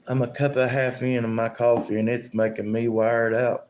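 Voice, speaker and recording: A man's voice: medium pitch, little pitch movement, moderate pace, darkish tone, slight background noise. A man chatting casually and joking on a live stream, rambling and chuckling often.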